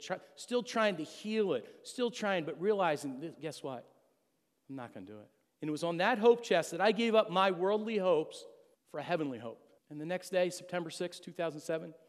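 A middle-aged man giving an earnest, emotional personal testimony to a church congregation. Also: a little high. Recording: long hall reverb.

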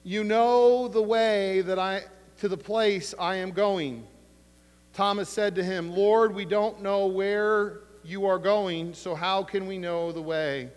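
A male pastor preaching a sermon, emphatic, with slow dramatic pauses and retold conversations. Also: high-pitched, fairly even intonation. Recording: long hall reverb.

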